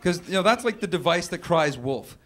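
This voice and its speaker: A man's voice: on the high side, expressive, a little fast, a bit bright. A young man doing a stand-up set on a club stage, rambling and offhand, slipping into acted-out voices. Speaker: stand-up comedian. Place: comedy club stage with a laughing audience. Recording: noisy club recording.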